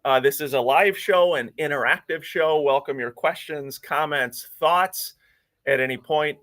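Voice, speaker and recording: A man hosting a live radio talk show from a studio, upbeat and often filling pauses with "uh". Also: mid-range voice, fairly bright tone. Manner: upbeat, with frequent filler "uh"s.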